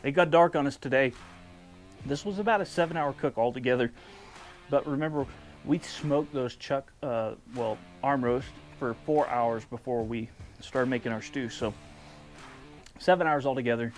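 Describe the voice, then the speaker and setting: A man's voice: medium pitch, normal speed, soft background music. Easygoing man hosting a cooking vlog. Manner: enthusiastic, relaxed, filler-heavy. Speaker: barbecue cooking channel host. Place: outdoors at a smoker.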